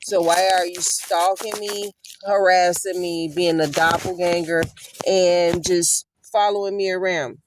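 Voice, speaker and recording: Her voice is lowish and steady, measured in pace, with noise in the background. She hosts an online Bible study from her vehicle, speaking casually into her phone camera, clearly irritated and saying things more than once.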